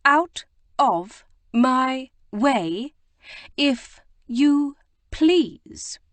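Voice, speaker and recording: A woman reading an audiobook, voicing a small, imperious young lady who speaks haughtily and deliberately. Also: fairly high pitch, lively intonation, darkish tone, no echo, voice pushed up, close to an everyday voice. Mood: haughty.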